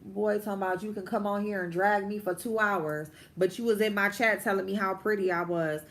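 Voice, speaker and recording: A vlogger host speaks briskly in a steady, mid-range voice with a fairly bright tone. On her casual livestream she does her makeup and rants bluntly, swearing, and elongates her emphatic lines.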